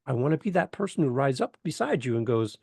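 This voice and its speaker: A man from Canada, a podcast guest telling a lively story and acting out the voices in it. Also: medium pitch, fast, gravelly, husky, no echo, studio quality. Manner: animated, acts out voices in anecdotes. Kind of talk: enthusiastic storytelling in interview.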